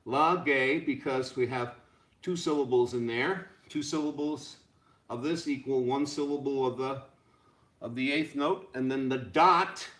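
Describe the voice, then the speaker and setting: A man teaching a rhythm lesson as a music teacher, chanting rhythm syllables over and over in a steady beat. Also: on the high side. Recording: echoey room.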